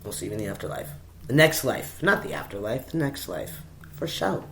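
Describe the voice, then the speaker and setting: A man's voice: medium pitch, lively intonation, brisk, gravelly, sharp tone, slight background noise. Rambling, stoned podcast man. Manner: rambling, profane, laughing asides. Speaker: podcast host. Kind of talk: casual solo podcast rambling. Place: at home with his dog.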